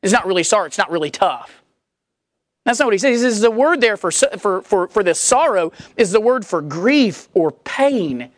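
A woman preaching a sermon in a conversational, animated way, acting out the voices she quotes. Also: mid-range voice, normal speed, no echo, clean studio sound.

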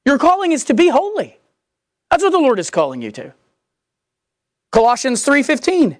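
A woman's voice: high-pitched, sing-song, moderate pace, pauses often, no room sound, clean studio sound. A woman preaching a sermon, reading scripture aloud and pressing her point with questions she answers herself. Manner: emphatic, asks and answers rhetorical questions.

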